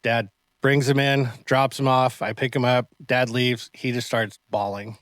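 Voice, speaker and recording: Animated man telling stories on a podcast. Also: mid-range voice, measured pace, dry recording. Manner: animated storyteller who acts out the people in his stories. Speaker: martial arts instructor and podcast host. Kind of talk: casual podcast chat.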